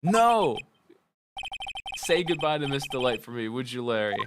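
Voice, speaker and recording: Animated voiced game read-along over music. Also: medium pitch, measured pace. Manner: switches between several character voices, animated and jokey. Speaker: let's play voice actors.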